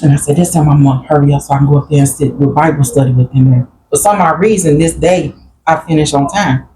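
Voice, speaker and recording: A woman's voice: deep voice, fast talker, noisy background. A woman guest earnestly recounting a personal grief story in a plain-spoken group conversation. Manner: earnest, plain-spoken, quotes family members while recounting.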